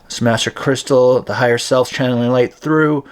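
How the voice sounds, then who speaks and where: A man who is a spiritual healer, leading a guided energy-healing session. He speaks slowly and deliberately, with frequent ums and repeated chanted phrases. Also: mid-range voice, fairly even intonation, smooth.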